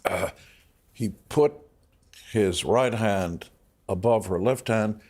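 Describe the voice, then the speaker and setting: A very deep-voiced man speaks slowly and reflectively as an interview guest, often pausing and restarting as he recalls his past. His tone is husky and a little emotional. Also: a little mellow. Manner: reflective, halting, full of restarts. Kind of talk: personal storytelling.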